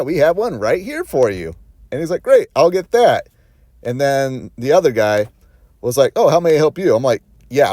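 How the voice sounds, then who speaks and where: A man's voice: medium pitch, warm tone, no echo. Man ranting in a parked car. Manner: rambling, frustrated, lots of fillers and quoted dialogue. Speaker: vlogger. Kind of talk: casual storytelling rant. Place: parked car in a parking lot.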